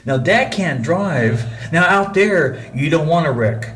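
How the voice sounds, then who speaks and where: A man's voice: fairly high pitch, animated, slow, fairly bright tone, slight background noise. A middle-aged man telling a personal story in a folksy, rambling way. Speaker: vlogger.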